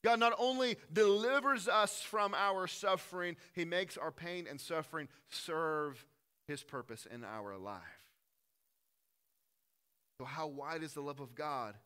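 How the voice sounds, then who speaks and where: A man preaching a sermon, swinging between loud emphasis and quiet, earnest moments. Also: fairly high pitch, measured pace, clear, resonant tone. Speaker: pastor.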